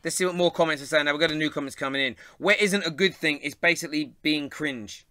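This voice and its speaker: A chatty young London man hosts a live fan show, laughing as he reads viewers' comments. His voice is bright and a little high, recorded close and dry. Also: fast talker, smooth, no echo. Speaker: host.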